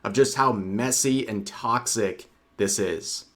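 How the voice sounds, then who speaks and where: A man's voice: lowish voice, slow pace, a bit bright. A man narrating a scripted drama-commentary video with sardonic, wry asides.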